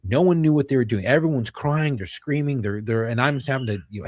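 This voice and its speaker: A man, a retired police officer, talking candidly as a podcast guest, halting and repeating himself, swearing casually. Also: medium pitch, very animated, no room sound, clean studio sound.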